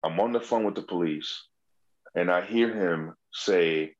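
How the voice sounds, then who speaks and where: Low-voiced man telling wild stories. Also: unhurried, highs cut off. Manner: animated, profane, acts out quoted voices. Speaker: comedian guest. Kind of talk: casual podcast storytelling.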